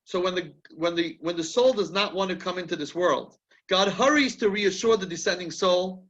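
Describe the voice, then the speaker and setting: Teaching a rabbinic class in an anecdotal, conversational style, a man tells a story chattily and often begins his sentences again mid-thought. His voice is high-pitched and fairly bright, at normal speed. The audio sounds dull.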